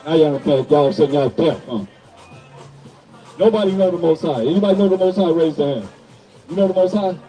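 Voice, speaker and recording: High-voiced man preaching from a distance. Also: brisk, pauses often, dark tone, soft background music. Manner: preaching to passersby, calling out to the crowd. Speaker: street preacher. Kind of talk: sermon.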